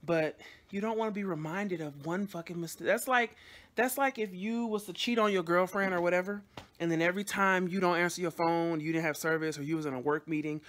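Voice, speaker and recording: A woman's voice: fairly low pitch, brisk. A woman vlogging casually, venting bluntly to her camera with frequent swearing and rambling restarts.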